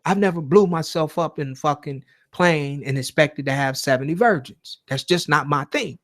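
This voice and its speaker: A man's voice: on the high side, moderate pace. A man hosting a live call-in show from home, talking in a casual, rambling and profane way. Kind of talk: casual livestream talk.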